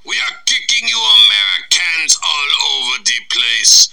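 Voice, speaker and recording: Mock Russian chanting man, bright and slow, halting delivery, done by a man. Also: sits high, sing-song, creaky, voice pushed up, exaggerated voice, poor audio.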